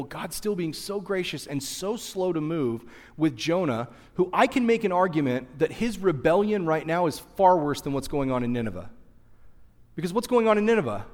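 A man in his thirties preaching a sermon, chatting and telling stories with asides to the congregation. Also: sits high. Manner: conversational, animated storytelling with asides to the audience. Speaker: pastor. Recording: long hall reverb.

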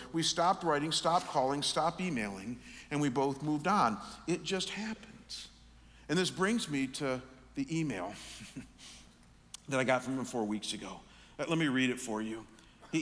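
Storytelling pastor in a big hall. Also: male voice, fairly high pitch. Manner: storytelling, animated, acts out his own anger. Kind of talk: sermon. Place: large church auditorium. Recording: hall reverb.

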